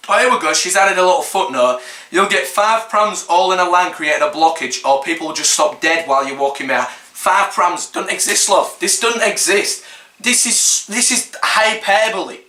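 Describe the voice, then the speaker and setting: A man's voice: sits high, bright, forceful tone. A young man with a Hull, East Yorkshire accent giving a sarcastic, exasperated reaction commentary, swearing often and mocking what he reads. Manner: exasperated, sarcastic, swears a lot, mocks with put-on quotes. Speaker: vlogger. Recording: echoey room.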